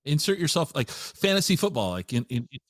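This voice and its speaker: A man's voice: on the high side, very animated, brisk, fairly bright tone, no room sound, studio quality. A man hosting a podcast, chatting casually and playfully and laughing often. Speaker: podcast host. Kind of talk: casual interview chat.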